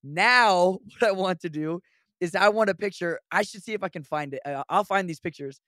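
A man hosting a podcast, telling animated stories with acted-out quotes and frequent laughter. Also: high voice, normal speed, no echo, studio quality. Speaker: podcast host. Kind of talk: casual podcast chat.

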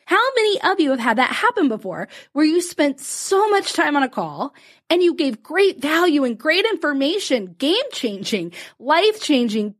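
A woman hosting a solo podcast, telling a story to her listeners in an animated way and laughing often. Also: high voice. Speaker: podcast host and business coach.

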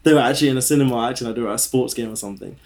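Fast-talking eager young man. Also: mid-range voice, gravelly, a little mellow. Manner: quick, eager chatter with many "like" fillers. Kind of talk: casual podcast chat.

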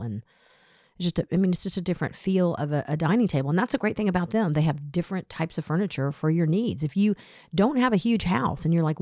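Animated storytelling woman radio host. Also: lowish voice, no room sound, studio quality. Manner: animated storyteller acting out quotes. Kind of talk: casual chat, storytelling.

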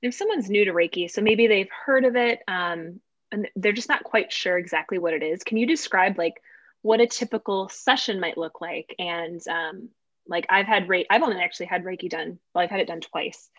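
A woman's voice: fairly low pitch, normal speed, fairly bright tone, no room sound. A woman host asks thoughtful, hesitant questions in a casual interview. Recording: dull lo-fi call audio.

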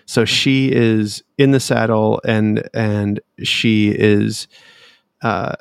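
A man's voice: lowish voice, level tone, drawn-out words, vocal fry, clean tone, no room sound, studio quality. A man narrating as game master of a tabletop game, laid-back and easily amused.

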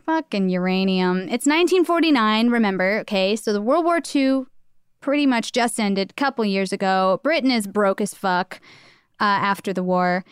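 A woman talks through history on a casual podcast, blunt and emphatic with profanity. Her voice is smooth and clear, recorded dry and close. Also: mid-range voice, expressive, moderate pace, no room sound. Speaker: podcast co-host.

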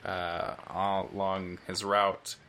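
Bright-voiced man playing a tabletop character. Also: deep voice, level tone, very slow, a little hiss or hum. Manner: eager, playful. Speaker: player. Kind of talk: in-character tabletop role-play.

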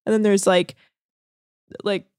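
A woman co-hosting a podcast, recapping a reality show in an animated, sarcastic way, laughing and swearing often. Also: medium pitch, slow, clean tone, no echo, clean studio sound. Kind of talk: casual chat.

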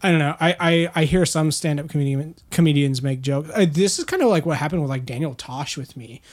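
A man's voice: a little high, brisk. A man from the American South hosting a podcast, rambling in casual chat with lots of fillers and swearing. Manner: rambling, filler-heavy, profane.

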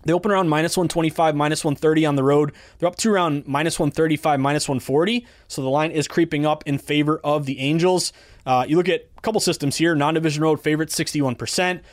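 A man's voice: fairly high pitch, fairly even intonation, quick pace, no room sound, clean studio sound. A man in his thirties hosting a casual sports betting podcast, chatty and enthusiastic as he rattles off odds and stats. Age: 30s. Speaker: podcast host, betting analyst.

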